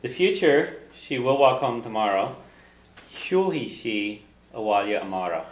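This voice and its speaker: A man teaching a language class, patiently drilling phrases slowly so students can repeat them. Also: mid-range voice, big pitch swings, reverberant, low-quality recording.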